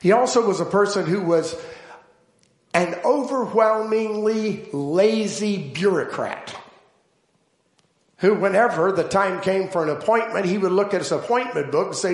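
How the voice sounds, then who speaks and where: A man preaching a sermon, telling stories slowly and deliberately and building to emphatic points. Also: high-pitched, expressive, echoey room. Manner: slow, deliberate storytelling with emphatic build-ups.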